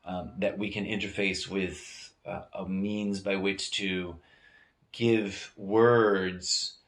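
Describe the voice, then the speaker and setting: A man with a low-sitting, slightly bright voice speaks slowly and flatly while hosting a solo podcast from a home room used as a studio. He meanders through his thoughts with hesitation, fillers, and restarts, and the room is echoey.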